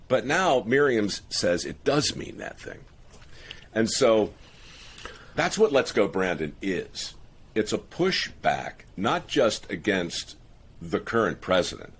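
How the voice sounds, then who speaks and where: A man's voice: medium pitch, husky. A man hosting a podcast, talking emphatically and laughing often in casual conversation. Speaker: podcast host.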